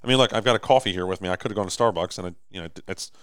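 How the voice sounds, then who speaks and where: A man's voice: sits low, rapid-fire, a bit bright, smooth, no room sound, studio quality. A man co-hosting a podcast, rambling through a long story in casual chat, with many restarts. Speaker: podcast co-host. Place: indoor office or shop.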